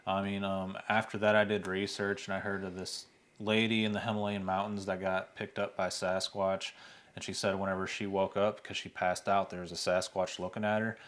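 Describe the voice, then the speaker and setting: Low-voiced man hosting a casual interview. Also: flat delivery, fairly quick, fairly bright tone. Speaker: host and interviewer.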